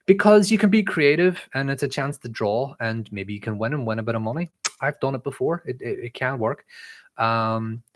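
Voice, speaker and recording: A young man with a mixed Irish accent hosts a casual live-stream Q&A, chatting loosely and reading viewer questions aloud with lots of "um" and "like". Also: on the high side. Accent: mixed Irish, shifted by living abroad. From Northern Ireland. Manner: chatty and rambling, many "um" and "like" fillers, reads chat messages aloud. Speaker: livestream host answering viewer questions.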